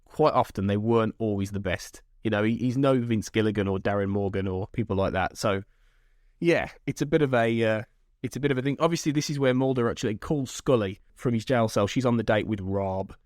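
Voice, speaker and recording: A man's voice: lowish voice, brisk, a little mellow, no echo, clean studio sound. A man hosting a podcast, talking in a rambling, self-interrupting way with frequent laughter. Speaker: podcast host. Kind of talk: casual chat.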